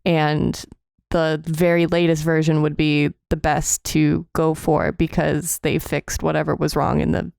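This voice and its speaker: A woman co-hosting a podcast, chatting casually with wry, quick quips. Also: sits low, flat delivery, creaky, a little mellow, clear, resonant tone, no echo, studio quality. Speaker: podcast co-host. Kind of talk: casual chat.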